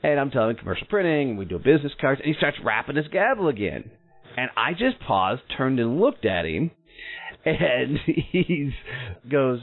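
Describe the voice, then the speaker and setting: Over soft background music, a man hosting a podcast recounts something from his own life, bluntly and with salty self-mockery. His mid-range voice is very animated and moves at a normal speed, though the audio sounds narrow, like a phone line.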